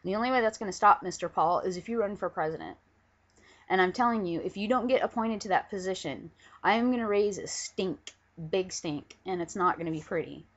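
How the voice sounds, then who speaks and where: Speaking briskly in a mid-range voice, a woman vlogger unloads an angry, profanity-laced, emphatic rant at home. Her webcam sits propped on a pillow, giving the recording a dull, lo-fi quality.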